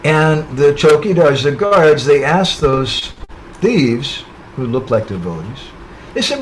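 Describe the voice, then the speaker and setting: A man's voice: a little high, big pitch swings, slow pace, slight background noise, low-quality recording. A man speaking at an online webinar, telling a parable in a storytelling sermon and often tagging lines with "huh?" or "right?". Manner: narrates a parable with tag questions. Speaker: spiritual speaker. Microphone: online webinar call.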